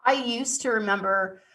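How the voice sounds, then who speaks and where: A woman's voice: on the high side, pushed and bright. A woman, a psychic medium, talking casually and rambling, with many "you know"s. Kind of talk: casual spiritual talk.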